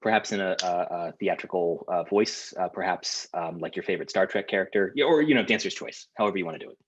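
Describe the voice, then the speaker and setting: A man leading a seminar over a video call, talking in a halting way full of fillers and restarts. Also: low-pitched, muffled recording, a little hiss or hum. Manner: hesitant, lots of fillers and restarts. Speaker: workshop leader.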